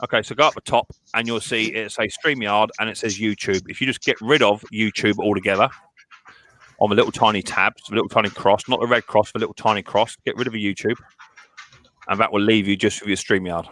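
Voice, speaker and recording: A man chats casually as a livestream host, his voice sitting a little low. He rambles and halts, restarting phrases and filling gaps as he goes. The sound is dry and close. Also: steady tone, a bit bright, dry recording. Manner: rambling, halting with many restarts and fillers. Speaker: live stream host. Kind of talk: casual chat.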